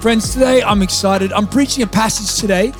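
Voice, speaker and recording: An Australian man preaches to a live congregation with a notably high voice for a man. He is lively and self-deprecating, tumbling through quick restarts as he tells a funny travel story. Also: music in the background. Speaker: pastor. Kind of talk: sermon with humorous storytelling. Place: church service with a live congregation.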